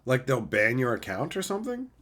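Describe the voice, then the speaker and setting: Guy streaming, reading chat out loud, voice jumps all over, roasts viewers for fun. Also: mid-range voice, a little fast. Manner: animated, mock-teasing, playful roasting of chatters. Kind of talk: casual livestream chat.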